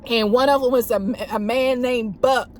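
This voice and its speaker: A woman with a high voice tells stories from her police work in a loose, casual way. She acts out radio calls and lifts her voice for them. She speaks from a parked car. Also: fairly even intonation, normal speed, a little hiss or hum. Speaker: police officer vlogger. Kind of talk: casual storytelling.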